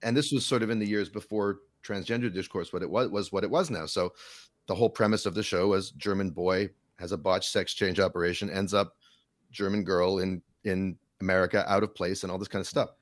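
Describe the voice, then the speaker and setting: A man's voice: low-pitched, fairly even intonation, a little fast, dry recording, studio quality. A man in his forties chatting casually on a podcast, articulate and sardonic as he riffs. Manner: articulate, riffing with sardonic asides. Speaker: podcast guest. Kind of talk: casual chat.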